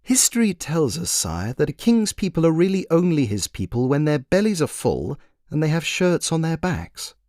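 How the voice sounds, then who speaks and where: Guy doing a calm formal servant, polite and dry, lively delivery. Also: a little high, moderate pace, no echo, pitched above the performer's own voice. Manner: formal, deferential, drily understated. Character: patient, dry-witted male royal servant.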